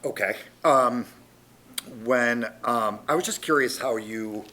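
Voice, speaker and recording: A man's voice: mid-range voice, slow, sharp tone. A man on a city council asking a presenter questions, polite and hesitant, searching for his words. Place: council meeting chamber.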